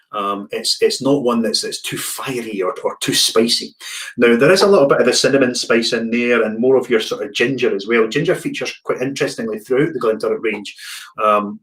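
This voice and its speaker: A man with a relaxed, chatty manner, hosting an online whisky tasting and often repeating words as he searches for them. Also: mid-range voice. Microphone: video call.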